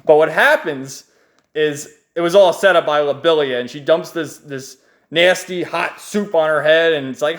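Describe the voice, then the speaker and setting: A man's voice: on the high side, normal speed, fairly bright tone. A man casually recapping a comic book page by page, enthusiastic and rambling, chuckling often. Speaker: manga reviewer.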